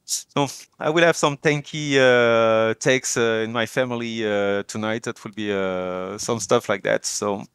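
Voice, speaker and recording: A man with a French accent co-hosting a casual livestream chat, pausing often with fillers in English, his second language. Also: lowish voice, steady tone, fairly bright tone, smooth, no room sound. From France. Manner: hesitant, many fillers, chuckles often. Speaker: co-host.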